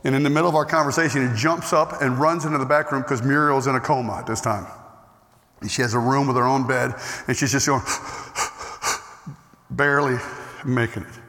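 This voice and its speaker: A man preaching a storytelling sermon in an animated way, swinging between loud outbursts and hushed tones. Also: mid-range voice, fairly quick, long pauses, in a large hall.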